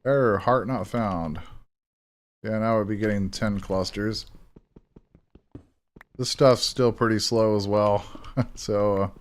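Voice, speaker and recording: A man's voice: on the low side, flat delivery, slow, long pauses, clear, resonant tone. A young man casually talking through his gameplay as the host of a gaming channel, rambling and chatting to himself as he plays. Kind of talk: casual let's-play commentary.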